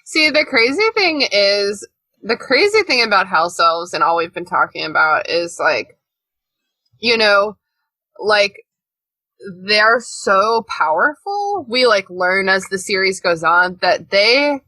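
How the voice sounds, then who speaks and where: A woman co-hosting a podcast in casual chat, animated, laughing often and swearing freely. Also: medium pitch, slow pace, no room sound. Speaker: podcast co-host.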